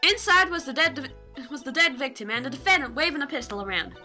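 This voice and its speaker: A woman voicing a brash, folksy woman photographer in a video game, with a put-on Southern US drawl, hollering loudly. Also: high voice, lively intonation, fast, faint music behind, heavily acted. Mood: excited.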